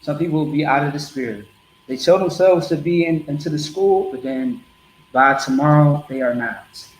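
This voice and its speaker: A man delivers a blunt, streetwise street sermon, repeating himself to drive each point home. His voice sits a little high. The recording bounces around an echoey space, with faint ambient noise underneath. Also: moderate pace. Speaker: street preacher. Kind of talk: street teaching to a group.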